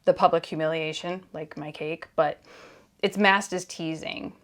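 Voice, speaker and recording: A woman with a low, steady voice hosts her own podcast at an unhurried pace. She talks candidly and earnestly, in a conversational way full of fillers and restarts, and sometimes takes on an emphatic, exasperated edge.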